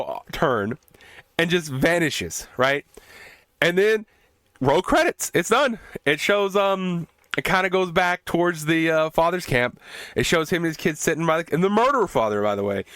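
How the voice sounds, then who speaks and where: A man's voice: high-pitched, animated, unhurried, a bit bright, dry recording. A man hosting a podcast, casually recapping and reviewing a film in an exasperated way, swearing for emphasis and often restarting his sentences. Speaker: podcast host reviewing films.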